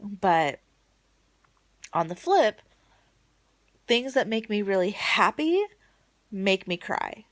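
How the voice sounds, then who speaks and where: Late at night at home, a woman records a casual video diary, rambling emotionally and swinging from bright excitement to soft, low murmurs. She speaks slowly with frequent pauses, and there's no echo.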